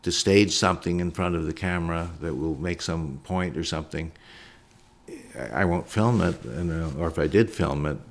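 A man's voice: low-pitched, moderate pace, gravelly. A documentary filmmaker, a man, answering interview questions in a plainspoken, reflective way.

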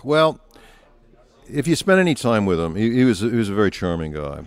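An older man, a biographer, answering interview questions in an anecdotal, relaxed way and now and then mimicking quoted voices. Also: on the low side, a little fast. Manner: anecdotal, slips into quoted voices while telling stories.

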